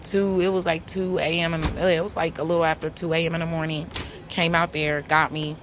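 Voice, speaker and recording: A woman, telling a story to camera in a blunt, profane, animated way. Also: low voice, a little fast, music in the background. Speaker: vlogger.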